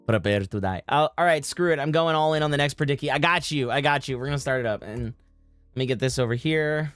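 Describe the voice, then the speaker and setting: A woman's voice: low-pitched, steady tone, fast, no echo. A woman hosting a casual game livestream, joking and swearing freely as she runs community games. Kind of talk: casual game-stream chat. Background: faint music.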